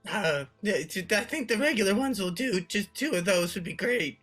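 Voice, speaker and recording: A player speaking in character in a tabletop game, hesitant and polite, halting with "um" and "uh". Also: mid-range voice, animated, fairly bright tone, soft background music. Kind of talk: in-character roleplay.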